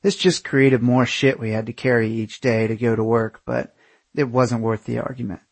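A man narrating his own memoir in a wry, candid way, with casual swearing and a husky voice. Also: medium pitch, fairly even intonation, moderate pace, no echo. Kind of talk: first-person memoir narration.

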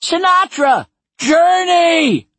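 Shrill shouting old men. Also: male voice, expressive, very slow, vocal fry, no echo, full character voice. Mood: rowdy. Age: older. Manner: shouting, high-pitched and cranky. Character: bunch of rowdy old men shouting song requests. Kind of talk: audiobook character voices.

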